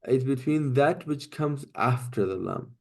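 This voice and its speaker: A man teaching a Quranic Arabic class, explaining grammar patiently, often checking with "right?" and "okay?", and reciting verses quickly. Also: mid-range voice, expressive, vocal fry, darkish tone.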